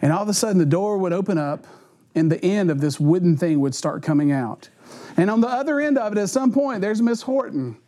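A man's voice: high voice, brisk. A man preaching a sermon, telling funny stories, acting out voices and sound effects and laughing often as he talks. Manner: animated, acts out voices and sounds. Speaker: pastor. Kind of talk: sermon with humorous storytelling.

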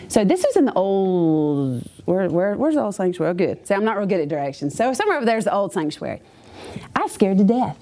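A woman giving a chatty personal testimony to a church congregation, with many asides. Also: medium pitch. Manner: chatty, animated storytelling with asides.

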